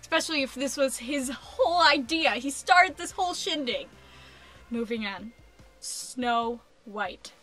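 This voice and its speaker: A young adult woman vlogging a casual rant, animated and exasperated, peppering her speech with "like.". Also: high voice, measured pace, soft background music.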